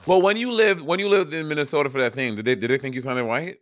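A man's voice: fairly high pitch, quick pace, no room sound, studio quality. A man from Saint Lucia co-hosting a podcast, chatty and profane, with lots of filler words. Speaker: podcast co-host. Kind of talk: casual chat.

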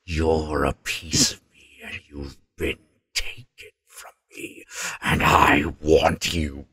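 A man putting on a hushed, menacing demon. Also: rumbling low, level tone, husky, dry recording, voice pushed down, full character voice. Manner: slow, hushed, half-whispered threats. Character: menacing male demon, slow and low.

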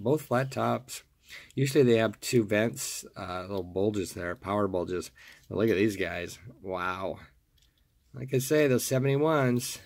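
A man with a gravelly, hoarse morning voice, casually showing off a collection in a video and gushing over each piece, often repeating words with delight. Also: on the low side, darkish tone, a little hiss or hum. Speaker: toy car collector and seller. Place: home desk.

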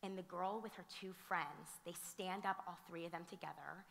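A woman who teaches and directs theater, speaking on a panel and telling animated stories full of fillers and restarts. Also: fairly low pitch, moderate pace, creaky. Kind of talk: conversational storytelling at a conference. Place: museum auditorium. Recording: reverberant hall sound.

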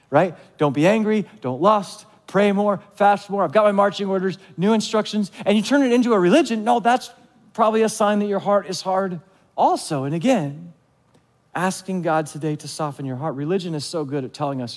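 A man preaching to a church congregation in a loose, conversational way, often turning questions back on his listeners. His voice sits fairly high for a man. A long reverb trails after his words, as in a large church hall. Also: expressive, brisk, darkish tone. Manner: conversational, asks the audience questions; acts out quoted voices of listeners. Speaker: pastor. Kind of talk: sermon.

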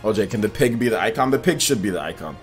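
A man streaming gameplay live, talking to his chat in an animated, repetitive way. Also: fairly low pitch, fast, faint music behind. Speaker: gaming livestreamer.

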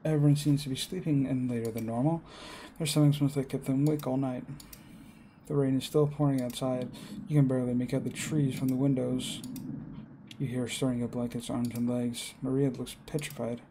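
Gravelly man reading a game aloud. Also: mid-range voice, fairly even intonation, a little fast, mellow, a little hiss or hum. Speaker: gamer. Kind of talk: reading a game's story aloud.

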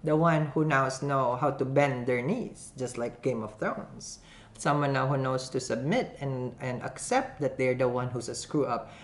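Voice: mid-range voice, unhurried. A tarot reader giving a casual, playful reading to camera, joking and laughing often between the cards. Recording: roomy echo.

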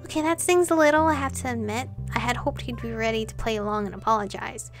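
This woman reads a visual novel aloud as a game playthrough reader, voicing every character and dropping in her own asides and laughs. Her voice is a little high and fast, with faint music behind her.

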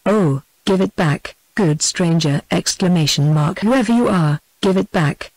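A text-to-speech British female voice reading the lines of three frightened, blind old grey women in a flat, unacted way. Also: fairly low pitch, a little slow, no echo, poor audio. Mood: pleading.

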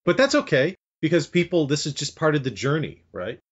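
Lively joking man, husky voice. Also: on the high side, brisk. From Canada. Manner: joking, teasing. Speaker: podcast host. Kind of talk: casual chat. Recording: dull lo-fi audio.

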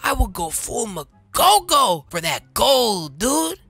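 A woman doing a loud, goofy comedic roleplay over a game, full of slang, yelling and shrieks. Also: fairly high pitch, sing-song, slow pace, slightly rough, no echo, soft background music. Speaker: YouTuber voicing roleplay characters.

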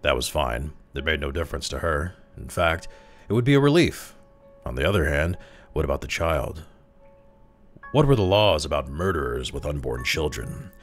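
Very deep-voiced male storyteller. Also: faint music behind. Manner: expressive, slows down for tense moments. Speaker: story reader. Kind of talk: dramatic story narration.

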